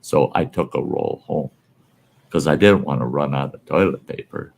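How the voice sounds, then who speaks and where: Host, male, very low gravelly voice, folksy storyteller. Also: moderate pace, darkish tone. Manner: folksy anecdote teller, laughs at his own stories. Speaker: podcast host. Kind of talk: casual storytelling chat.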